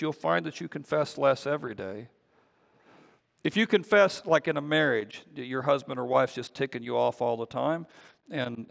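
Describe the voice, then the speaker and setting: A man's voice: a little high, gravelly. A man preaching a conversational sermon as pastor, often repeating words as he goes. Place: church sanctuary. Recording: long reverb of a church hall.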